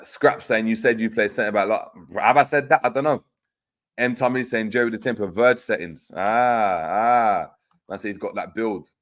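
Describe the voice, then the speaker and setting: A man's voice: lowish voice, fairly bright tone. A man hosting a livestream, reading chat comments aloud in slangy, teasing banter. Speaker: host reading live chat.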